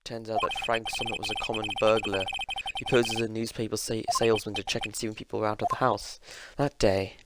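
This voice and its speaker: A man's voice: lowish voice, level tone, brisk, very noisy, natural voice. A man voicing an earnest young male defense lawyer in a game, reading dialogue with some stammering. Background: loud game music.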